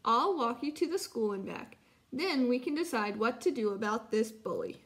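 A teacher reading aloud voices a calm, caring mother raccoon in a soft, soothing tone. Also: a little high, moderate pace. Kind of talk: read-aloud storybook.

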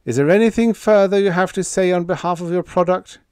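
A man voicing an honest, formal colonial governor who speaks smoothly and courteously in an audiobook. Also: high-pitched, a little fast, a little mellow, no room sound, studio quality, pitched above the performer's own voice, lightly acted.

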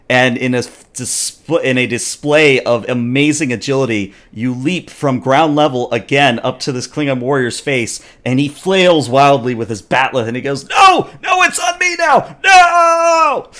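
Man narrating as a lively game master. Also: mid-range voice. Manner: animated storytelling with frequent "uh" fillers.

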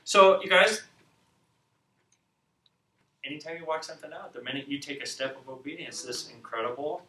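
A male minister tells a story with animated, excitable energy, acting out each scene in a bright, forceful, slightly high voice. He sits back from the microphone in an echoey room. A faint background noise runs underneath. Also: normal speed. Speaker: minister and show host. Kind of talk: storytelling teaching talk. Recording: echoey room, distant mic.

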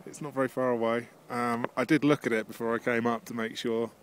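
A man's voice: medium pitch, level tone, fairly quick, slight background noise. Breathless man vlogging on a mountain. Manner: rambling, chatty, with many fillers. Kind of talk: casual handheld vlog narration. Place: outdoors on a high mountain ridge.

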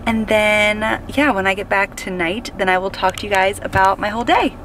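A bubbly, chatty young woman talking straight into her phone at arm's length, words tumbling out with eager excitement. Her pitch sits in an ordinary middle range, and a faint hiss runs under the recording. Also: normal speed, hardly any pauses. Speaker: vlogger. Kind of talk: casual vlog to camera.

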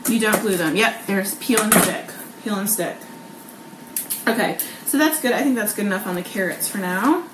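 A woman's voice: medium pitch, moderate pace. Chatty woman in an echoey kitchen. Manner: chatty, bubbly, laughs often, lots of um and like. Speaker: cooking vlog host. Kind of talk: casual live cooking chat. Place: home kitchen. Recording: echoey kitchen with clear background noise.

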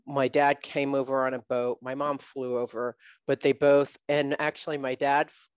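Host, woman, low-pitched, casual conversational interviewer, dry sound. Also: level tone, normal speed, smooth, no echo. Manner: attentive listener, casual and chatty.

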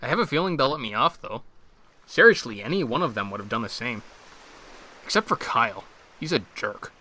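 A man's voice: medium pitch, expressive, fairly quick, pushed and bright, slight background noise. A man narrating in a chatty, joking way. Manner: chatty, jokey.

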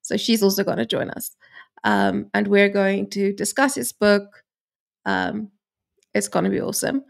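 Gravelly-voiced woman, relaxed and halting. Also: medium pitch. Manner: relaxed, many ums. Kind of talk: casual live-stream chat.

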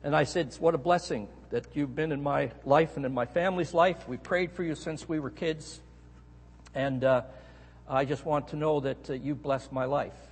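A middle-aged Canadian man preaching a sermon, telling a story with animated emphasis on key words. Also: fairly high pitch, normal speed, slightly rough. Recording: echoey hall.

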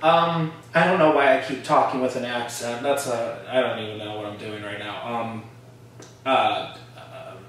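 A man reacting excitedly to music for his vlog, gushing over what he hears. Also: medium pitch, moderate pace, far from the mic. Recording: echoey room from off mic.

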